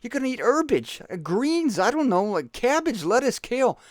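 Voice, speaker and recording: A man's voice: extremely high pitch, big pitch swings, moderate pace, no echo, clean studio sound, voice pushed up. A man voicing a fretful heavenly messenger who stammers, rambles and keeps apologizing. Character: nervous fretting male heavenly messenger.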